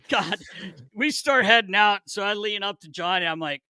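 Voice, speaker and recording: Give me a man hosting a podcast who spins a road story with loud, animated energy, cursing and laughing. His voice is very bright and a little high, recorded close and dry with no room sound. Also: moderate pace, clear, resonant tone, dry recording. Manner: animated, swears freely, laughs while telling stories. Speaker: podcast host. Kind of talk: casual storytelling chat.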